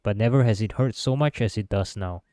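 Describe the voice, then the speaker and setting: Low mellow man reading a story game. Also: brisk, no room sound, studio quality. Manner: steady second-person narration with small stumbles. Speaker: gameplay narrator. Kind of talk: reading a visual novel aloud.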